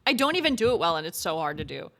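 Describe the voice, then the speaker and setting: Giggly, animated young woman streamer. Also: lowish voice, rapid-fire, vocal fry. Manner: giggly, swears casually. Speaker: gaming streamer. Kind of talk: casual let's-play chat. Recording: game music playing behind.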